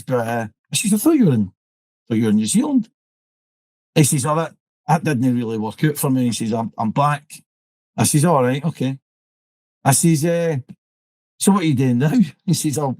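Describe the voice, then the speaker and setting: A man's voice: medium pitch, expressive, moderate pace, long pauses, a little mellow, no echo, poor audio. Rambling Scottish man telling a story. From Scotland. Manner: rambling, repeats words, "I says" storytelling. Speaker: interview guest, military pipe band drummer. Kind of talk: conversational storytelling.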